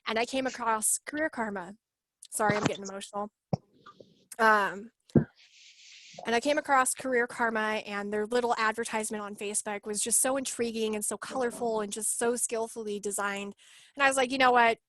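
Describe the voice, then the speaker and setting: A woman in her late twenties on a video call, telling her story in an emotional, animated way and acting out what people said. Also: fairly high pitch, a little fast. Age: 20s. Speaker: workshop guest sharing her story. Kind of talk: casual video-call chat.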